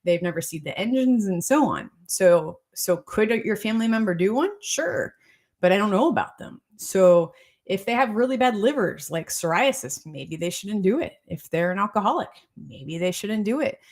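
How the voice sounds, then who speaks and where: A woman's voice: medium pitch, expressive, normal speed, a little mellow. A woman doctor giving a casual health talk, repeating points and checking in with her listeners as she explains. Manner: repetitive, keeps checking in with "okay?" and "right?".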